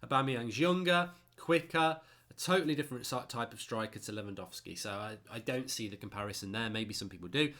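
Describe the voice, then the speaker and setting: Blunt, opinionated man running a casual football chat stream, tired and chatty, middle-pitched voice. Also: fairly quick, fairly bright tone. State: tired, yawning. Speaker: football channel host reading viewer comments.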